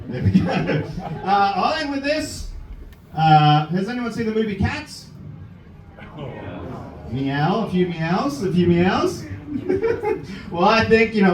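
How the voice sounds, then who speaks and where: Silly dude doing crowd work onstage, high bouncy voice, roomy far-off mic, loud crowd laughing. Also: male voice. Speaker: stand-up comedian. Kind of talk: stand-up set with crowd work. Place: comedy club stage. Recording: roomy club sound, mic heard from afar, loud crowd. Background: laughing club audience.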